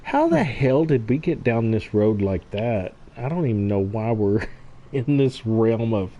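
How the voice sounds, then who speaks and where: A man's voice: fairly low pitch, sing-song, unhurried, mellow, rough recording. A man hosting a casual gaming livestream, laughing often and reading chat aloud. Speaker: livestream host.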